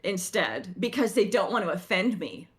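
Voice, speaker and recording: A woman's voice: mid-range voice, big pitch swings, moderate pace. A middle-aged Australian woman with a slight American twang, chatting casually on a podcast, rambling with many restarts and repeated words. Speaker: podcast co-host. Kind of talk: casual chat.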